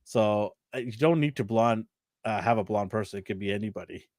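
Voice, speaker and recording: A man's voice: fairly low pitch, brisk, a little mellow, no room sound, studio quality. A man co-hosting a casual chat show, rambling, repeating himself and laughing often. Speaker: co-host.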